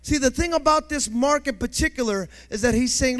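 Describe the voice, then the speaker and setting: A male pastor preaching a sermon emphatically, building to shouts and calling for responses from the congregation. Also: very high-pitched, a little fast.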